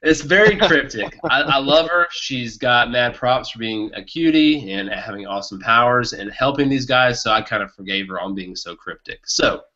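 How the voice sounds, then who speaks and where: A man co-hosting a casual book podcast, talking with excitement and laughing often. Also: mid-range voice, moderate pace, few pauses. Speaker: podcast co-host. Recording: muffled lo-fi podcast audio.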